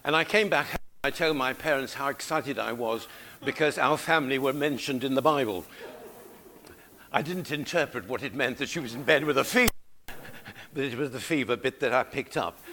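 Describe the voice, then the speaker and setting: A man's voice: mid-range voice, fairly bright tone. A man preaching a sermon, coaxing his congregation to read along with him. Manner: exhorting, coaxing the congregation to join in.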